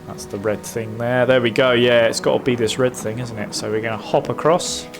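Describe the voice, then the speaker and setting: A gaming streamer from the United Kingdom comments on his gameplay over music, his medium-pitched voice steady and a little fast. He's chatty and self-mocking, with lots of fillers and bits of humming.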